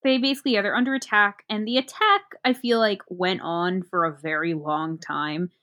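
A woman in casual chat, recapping a movie plot in a rambling, halting way with many fillers. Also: mid-range voice, fairly even intonation, bright, forceful tone.

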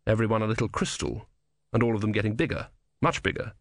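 A man's voice: fairly low pitch, quick pace, no room sound. Man reading a novel aloud, dry and close. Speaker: audiobook narrator. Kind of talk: scripted narration.

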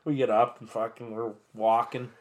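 On a podcast, a man with a laid-back manner tells a rowdy campground story, swearing constantly and acting out what everyone said amid bursts of laughter. His voice is mid-range, with little pitch movement, at a moderate pace.

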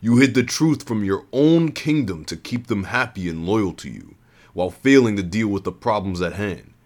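A contemptuous male villain from a spoken story, passing judgment in a cold, accusing tone, as a man puts him on. His voice sits a little low and turns sharp with scorn. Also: lively intonation, normal speed. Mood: accusing, angry.

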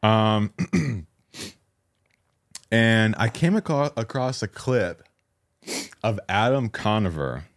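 A man's voice: lowish voice, expressive, slow, long pauses, no echo. A man hosting a casual podcast, telling stories in a dry, laid-back way. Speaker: podcast host. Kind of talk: casual chat.

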